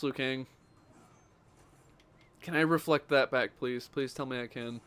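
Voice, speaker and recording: A man's voice: mid-range voice, fairly even intonation, measured pace, a bit bright, clear, resonant tone. A man giving casual, jokey commentary while playing a fighting game, reacting aloud to each moment of the match. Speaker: gaming streamer.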